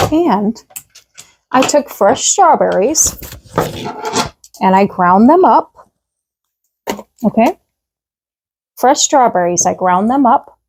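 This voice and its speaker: Chatty home-kitchen vlogger, woman, mellow voice, upbeat and rambling. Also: fairly high pitch. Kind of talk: casual kitchen demonstration.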